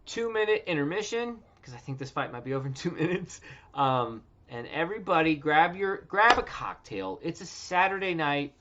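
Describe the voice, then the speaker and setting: In dull lo-fi stream audio with slight background noise, a thirtysomething man hosts a casual livestream from home. He jokes loosely and swears, his fairly high, fairly bright voice swinging widely in pitch at a moderate pace.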